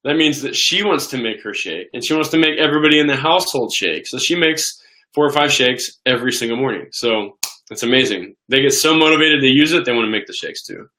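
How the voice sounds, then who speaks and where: An excitable man in his thirties chats through a live Q&A, his voice bright and forward. He doubles back on words and restarts sentences as the ideas tumble out, keeping things loose and eager. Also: medium pitch, quick pace. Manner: enthusiastic, excitable, repeats words and restarts often. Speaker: host of a live question-and-answer stream. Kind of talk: casual live Q&A chat.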